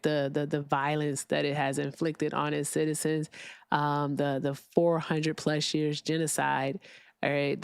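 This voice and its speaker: A woman's voice: deep voice, smooth, no echo, studio quality. A woman hosting a live political stream, ranting bluntly and reading viewer comments aloud. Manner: blunt, profane, ranting, reads super chats aloud. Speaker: livestream political talk host.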